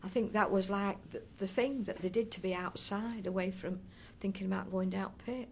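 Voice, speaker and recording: With vocal fry and fairly even intonation, this mid-range voice proceeds at a moderate pace amid slight background noise. An older woman from North East Derbyshire, she reminisces chattily and ramblingly for an oral history interview, with many restarts and fond asides.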